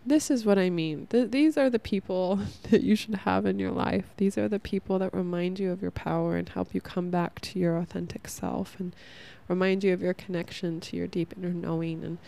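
A woman's voice: fairly low pitch, steady tone, normal speed, creaky, hardly any pauses, warm tone. A young woman hosting a casual spiritual self-help podcast, rambling earnestly with lots of "like" and laughing at herself. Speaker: podcast host.

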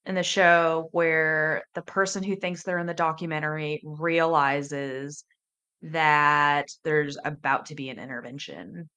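A woman in her thirties, a life coach hosting a podcast, telling her personal story in a candid, emotional, halting way. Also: low-pitched, sharp tone.

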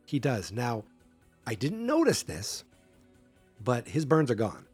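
A man's voice: medium pitch, huge pitch swings, slow pace, darkish tone, slightly rough, faint music behind. Chatty man hosting a horror podcast. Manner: chatty, rambling, acts out quotes in a raised voice. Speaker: podcast host. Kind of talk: casual solo movie commentary.

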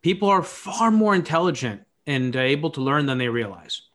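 A man's voice: a little high, animated, a little fast, a bit bright. A man who runs his own podcast, a guest here, thinking aloud in a reflective, philosophical way. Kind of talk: reflective conversational talk.

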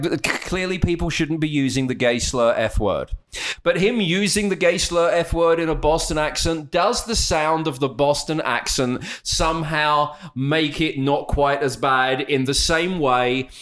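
A man co-hosting a podcast in casual comedic chat, rambling and animated, who often drops into quick voices for jokes. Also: on the high side. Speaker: podcast co-host.

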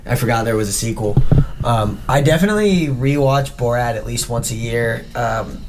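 A man's voice: medium pitch, lively intonation, normal speed, background noise. A young man hosting a casual podcast chat, rambling, profane and often laughing. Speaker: podcast host.

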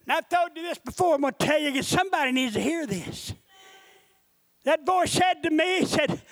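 A man preaching a sermon, telling his own story and rising into impassioned shouting. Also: extremely high pitch, expressive, fairly quick, no room sound.

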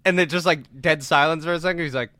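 Bright, laughing young podcast co-host. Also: male voice, fairly high pitch, quick pace, dry recording. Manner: storytelling with quotes, laughs often, swears. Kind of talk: casual chat.

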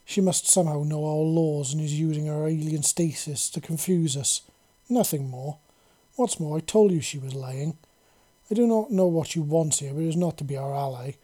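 A man's voice: fairly high pitch, lively intonation, normal speed, warm tone. A man putting on a fierce reptilian alien commander. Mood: indignant. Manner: commanding, accusing, snarling.

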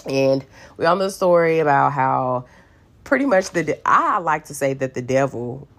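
Woman w a low voice teaching bible stuff super casual, lots of likes and ums. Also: lively intonation, moderate pace, fairly bright tone. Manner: chatty and playful, many fillers, acts out voices.

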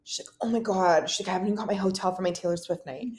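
A woman's voice: on the low side, steady tone, racing. A young woman co-hosting a podcast, telling stories in casual chat and acting out what others said. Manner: rambling, quotes people in acted voices. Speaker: podcast co-host.

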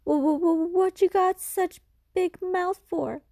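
A woman's voice: high voice, expressive, normal speed, warm tone, dry recording, studio quality, voice pushed up. A woman voicing a scared young boy who stammers over his words. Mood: stammering. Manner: stammering, fearful. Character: frightened little boy, stammering.

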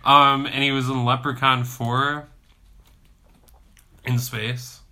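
A man's voice: mid-range voice, little pitch movement, takes it slowly, bright, forceful tone. A man co-hosting a horror movie podcast, talking casually, rattling off trivia and steering the conversation. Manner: trivia-heavy, steers the talk. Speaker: podcast co-host. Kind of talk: casual chat.

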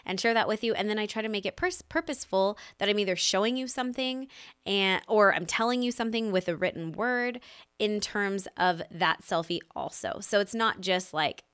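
A woman's voice: medium pitch, normal speed, fairly bright tone, clear, resonant tone. A woman in her thirties hosting a podcast, giving casual business advice in a chatty, upbeat way full of "like" and "right?". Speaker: podcast host and business coach.

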